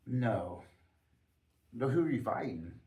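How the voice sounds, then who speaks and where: A man's voice: fairly low pitch, lively intonation, slow pace, darkish tone. A man co-hosting a podcast, making dry, teasing remarks in casual chat.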